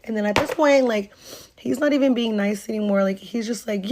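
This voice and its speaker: A woman's voice: on the high side, a little fast, noisy background. Rambling young woman telling a storytime. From North Carolina, US. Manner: rambling, filler-heavy, profane, acts out quoted lines. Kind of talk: casual storytime monologue.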